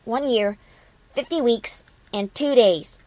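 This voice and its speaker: A woman's voice: on the high side, big pitch swings, normal speed, a bit bright, no room sound, low-quality recording. Woman narrator playing a young pony mare, obsessive and desperate, insistent in a storybook read. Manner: tense, insistent, desperate edge.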